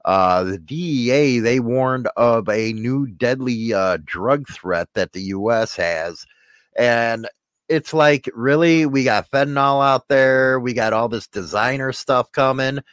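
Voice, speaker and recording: A man's voice: medium pitch, slow, a bit bright, dry recording. A man hosting a podcast, talking in a blunt, profane, joking way. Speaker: podcast host. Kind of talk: casual banter.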